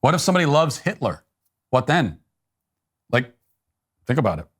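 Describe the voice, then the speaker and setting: Deadpan sarcastic male talk show host. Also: medium pitch, moderate pace. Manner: deadpan mock-earnest sarcasm. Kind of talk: sarcastic satirical monologue.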